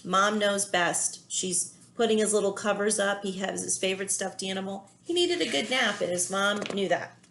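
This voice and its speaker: A woman teacher reading a children's picture book aloud, pausing often to gently explain feelings to young listeners. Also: mid-range voice, gravelly, a little hiss or hum. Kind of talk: children's read-aloud with commentary.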